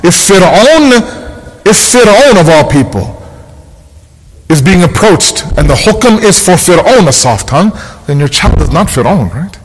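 A man's voice: high-pitched, very animated, unhurried, husky. A man preaching a sermon as an imam, earnest and emphatic, hammering his points home by repeating key phrases. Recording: long hall reverb.

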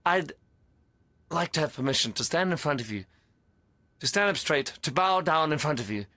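A flowery, flattering male con man who poses as a doctor in a dubbed TV drama. He pleads and smooth-talks. His voice is bright and a touch high. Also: normal speed.

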